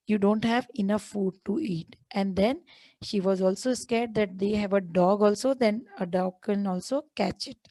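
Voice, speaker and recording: A woman's voice: mid-range voice, mellow, dry recording, low-quality recording. A woman teacher, reading a children's story aloud, retelling it in simple words and explaining word meanings to her class. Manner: asks the class questions as she goes. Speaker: English teacher.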